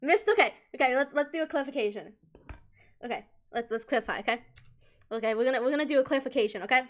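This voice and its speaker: A young woman streamer telling a rambling, animated story in casual chat, full of restarts and giggles. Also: high-pitched, very fast.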